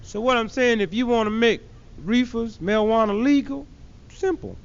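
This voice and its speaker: A man's voice: very high voice, normal speed, clean tone. A man performing a stand-up comedy routine with a punchy, mocking delivery that acts out characters, on a dull lo-fi 1970s archive recording.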